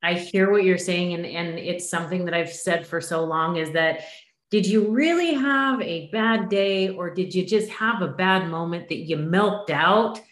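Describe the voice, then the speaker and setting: A woman's voice: on the low side, measured pace, roomy sound. A woman in her fifties hosting a podcast, asking earnest questions and affirming her guest. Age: 50s. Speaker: podcast host. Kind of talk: interview conversation.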